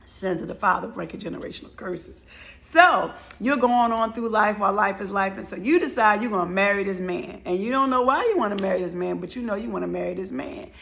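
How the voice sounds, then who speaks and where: A middle-aged woman, speaking as a motivational speaker in an emotional, animated personal storytelling monologue and acting out the voices of people in her story. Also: medium pitch, brisk, gravelly.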